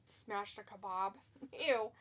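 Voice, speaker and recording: A woman's voice: medium pitch, fairly even intonation, slow, fairly bright tone. A woman hosting a live wrestling watch-along, chatty and giggly, reading chat messages aloud. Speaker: stream host. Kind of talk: casual watch-along commentary.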